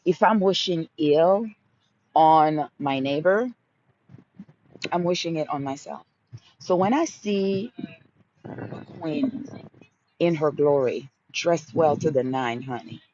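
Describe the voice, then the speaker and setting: This woman's voice sits low and a little mellow, taking it slowly with long pauses, in lo-fi sound with slight background noise. She has a Haitian accent and hosts a motivational livestream Q&A, speaking emphatically in repeated affirming mantras and calling people honey and baby.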